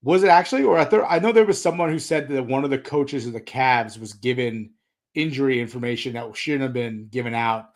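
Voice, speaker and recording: A man's voice: medium pitch, brisk. Laid-back man, podcast co-host. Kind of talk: casual chat.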